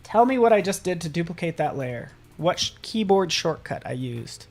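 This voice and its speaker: An upbeat man runs a live software tutorial and talks straight to viewers in the chat. His delivery is casual and playful, and he jokes about himself as he teaches. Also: on the high side, big pitch swings, moderate pace, creaky. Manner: casual and self-joking. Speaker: host and software instructor.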